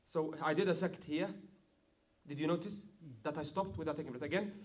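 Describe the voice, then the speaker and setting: High-voiced man teaching Quran recitation. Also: fairly quick. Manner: explains rules, then recites verses in a melodic chanting voice; checks in with students, asking if it is clear. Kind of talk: online tajweed class.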